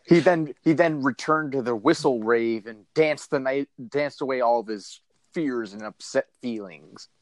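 A man co-hosting a comedy podcast, riffing on a news story in a lively, profane way. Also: medium pitch, unhurried, no echo. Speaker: podcast co-host. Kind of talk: casual comedic chat.

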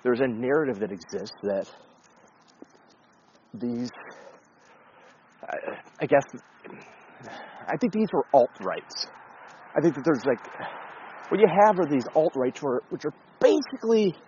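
A man talks in a loose, conversational commentary style, blunt and often profane, stumbling over restarts as he goes. His pitch moves around a lot. The recording is a little dull, with faint noise underneath. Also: very animated, a little slow, long pauses, dark tone. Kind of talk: casual political commentary.

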